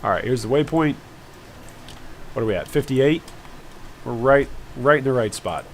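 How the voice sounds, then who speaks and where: A man's voice: mid-range voice, animated, normal speed, a little hiss or hum. A man streaming a game live, chatting casually and rambling with jokey asides to his viewers. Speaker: gaming streamer.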